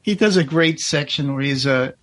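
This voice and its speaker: A man's voice: fairly high pitch, moderate pace, a bit bright, dry recording. A man co-hosting a podcast in casual chat, rambling with many fillers and easy laughs. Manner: rambling, lots of fillers and restarts, laughs easily. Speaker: podcast co-host.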